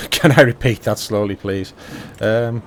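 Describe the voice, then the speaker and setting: A man's voice: fairly low pitch, takes it slowly, a little hiss or hum. A man giving casual commentary while playing a farming game, chatty and thinking aloud to himself. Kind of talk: casual let's-play commentary.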